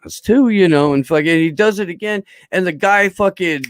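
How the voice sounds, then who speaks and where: A man's voice: high-pitched, normal speed, smooth. A man telling a long story in a rambling, profane way with lots of fillers, as a podcast guest in casual chat.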